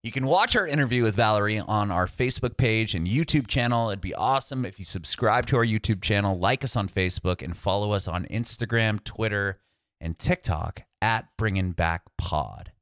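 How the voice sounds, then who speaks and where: A man's voice: lowish voice, moderate pace, fairly bright tone, no echo, studio quality. A man hosting a podcast over a video call, upbeat and laid-back, calling things awesome and rad. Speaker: podcast host.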